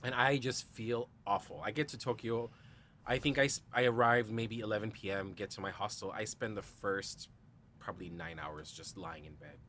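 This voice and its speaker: A man telling a personal story as a podcast guest, animated, with lots of "like" and restarts. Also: fairly low pitch, normal speed, a little hiss or hum. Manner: animated, acts out quoted dialogue with big shifts; frequent "like" and restarts.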